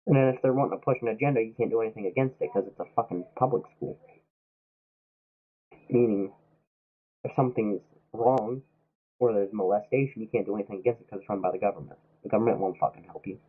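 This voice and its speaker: A man's voice: fairly low pitch, fast talker, breathy edge. A young man streaming while sick, ranting heatedly about politics and swearing constantly. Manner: heated, swearing, mock-quoting others. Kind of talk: profane political rant while streaming a game. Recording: tinny, phone-like lo-fi audio.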